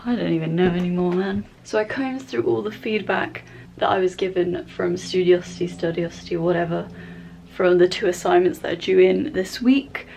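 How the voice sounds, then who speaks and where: A woman's voice: fairly low pitch, creaky, darkish tone, a little hiss or hum. A young woman vlogger venting in casual chat, exasperated and chatty. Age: young adult. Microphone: compact camera.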